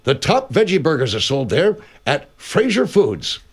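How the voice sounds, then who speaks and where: A man playing a deadpan radio co-host and ad announcer in an improvised comedy bit. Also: on the high side, measured pace, slightly rough, full character voice.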